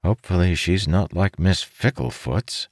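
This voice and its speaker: A man's voice: low voice, normal speed, a little mellow, dry recording, clean studio sound. A man voicing a stubborn, cocky young hero in a storybook. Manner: defiant, flippant.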